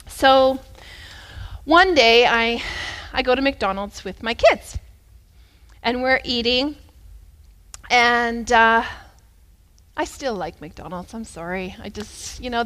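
Taking it slowly and pausing often, a woman preacher with a fairly high voice delivers a sermon in story form. Her manner is animated and conversational, shifting from loud to hushed.

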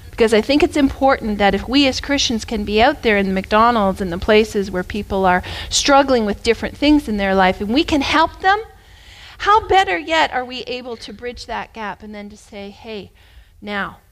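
Her pitch fairly high, a woman preacher shares a sermon as a story. Animated and conversational, she alternates between loud and hushed delivery.

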